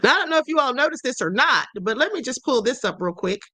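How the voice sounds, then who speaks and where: A woman's voice: sits high, very animated, fast, bright, forceful tone, dry recording. A woman hosting a political commentary livestream, talking emphatically to her viewers in a string of rhetorical questions. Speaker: livestream host.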